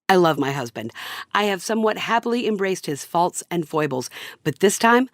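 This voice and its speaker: A woman's voice: lowish voice, lively intonation, normal speed, no room sound, clean studio sound. Wry middle-aged woman telling a comic story. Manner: wry, self-mocking. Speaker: narrator. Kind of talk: comic personal story reading.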